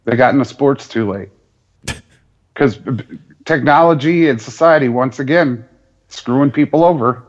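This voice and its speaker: A man's voice: medium pitch, normal speed, long pauses, dull audio. A man in casual sports chat as a podcast co-host, sarcastic and joking.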